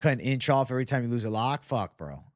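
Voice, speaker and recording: A man's voice: mid-range voice, animated, quick pace, no room sound, clean studio sound. A young man hosting a casual livestream, reading viewer comments and talking loosely with plenty of swearing and bro-talk. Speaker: livestream host.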